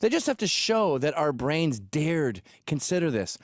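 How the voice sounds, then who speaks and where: A man's voice: a little high, very animated, unhurried, dry recording, studio quality. A man from England hosting a commentary show, reacting to video clips in a crude, sarcastic and mocking way. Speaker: host.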